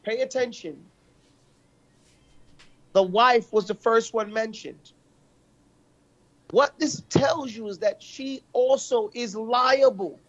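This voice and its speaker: Man teaching, stopping to check in. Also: very high-pitched. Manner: storytelling, checks in with listeners often. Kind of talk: lesson commenting on a classical text. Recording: muffled lo-fi recording.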